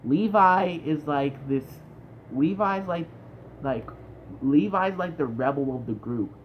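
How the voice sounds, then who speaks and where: A young man giving a casual spoken review, animated and exclamatory, full of "like" fillers. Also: on the high side, slow. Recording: dull lo-fi sound with faint background noise.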